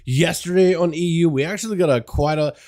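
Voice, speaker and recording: Speaking briskly in a slightly high, somewhat mellow voice, this young livestream host rambles through a laid-back gaming stream using slang and calling out chatters by name. He's tired, hasn't had coffee, and talks into a desk mic set before a green screen.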